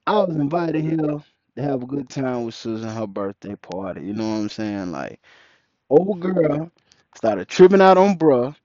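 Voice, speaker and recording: A young man telling a story casually, animated and profane, acting out the people in it. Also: mid-range voice, unhurried, dry recording. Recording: dull, muffled, dry recording.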